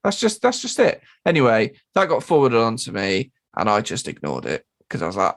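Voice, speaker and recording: Animated, sweary man telling a story. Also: brisk, hardly any pauses. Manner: animated, sweary, mimics people in high voices. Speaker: podcast co-host and drummer. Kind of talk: casual storytelling chat.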